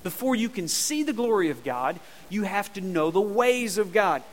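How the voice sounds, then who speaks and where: A pastor preaches an emphatic, conversational sermon in a church sanctuary, drawing the congregation into call-and-response. His voice sits high with big pitch swings, moving at a moderate pace with few pauses. The recording carries the long reverb of a large hall.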